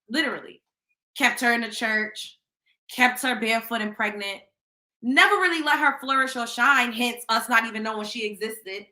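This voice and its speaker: A woman's voice: high-pitched, pushed and bright, roomy sound, low-quality recording. A woman hosting a show and reacting to a clip, emotional, blunt and profane in casual commentary. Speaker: show host.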